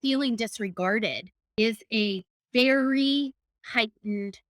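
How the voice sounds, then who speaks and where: A woman's voice: a little high, slow, a bit bright, dry recording. A woman hosting a podcast, chatting casually and empathetically with her guest, laughing easily. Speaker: podcast host.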